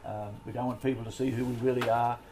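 A man's voice: mid-range voice, little pitch movement, fast, dark tone, a little hiss or hum, rough recording. A man leading a group Bible study, talking in a conversational way with many fillers and restarts.

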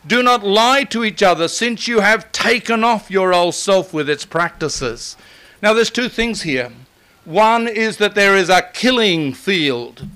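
An older man preaching a sermon, emphatic and building to forceful repetition. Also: sits high, smooth.

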